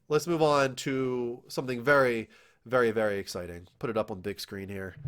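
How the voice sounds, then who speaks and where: A young man hosting a casual entertainment news show, talking in an excitable, animated way with quick asides. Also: medium pitch. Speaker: show host.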